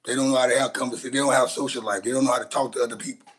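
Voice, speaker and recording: Blunt husky man ranting. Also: mid-range voice, fairly even intonation, very fast, rough recording. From Shreveport, Louisiana, USA. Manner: blunt, profane, rambling with restarts. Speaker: livestream host. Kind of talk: casual livestream rant.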